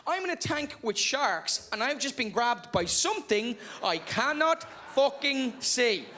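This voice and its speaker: An Irish man doing live stand-up, telling a story in an animated, punchy way. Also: very high-pitched, unhurried. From Ireland. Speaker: stand-up comedian. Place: large theatre with audience. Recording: noisy live theatre recording.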